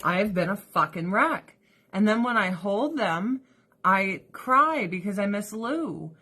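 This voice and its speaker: Slow-talking, weepy woman vlogger. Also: medium pitch, expressive, pushed and bright, slightly rough. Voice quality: emotional, rambling, laughs often, swears casually. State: weepy, emotional. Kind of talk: casual livestream chat.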